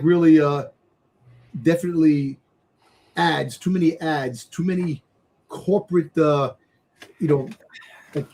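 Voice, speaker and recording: Panel guy rambling about wrestling, swears a lot, kinda husky. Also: fairly high pitch, a little mellow. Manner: rambling, swears, many fillers. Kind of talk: casual wrestling panel chat.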